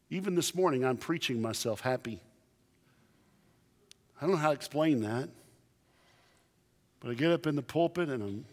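Emphatic preacher in an echoing church. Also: male voice, on the high side. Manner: emphatic, animated storytelling preacher. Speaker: pastor. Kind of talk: sermon. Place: church sanctuary. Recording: long church reverb.

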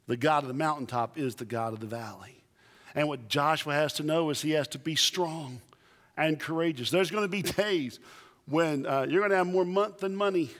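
A man pastor preaching a sermon, emphatic and animated, telling stories to his congregation. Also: fairly high pitch. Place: church sanctuary. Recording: long church reverb.

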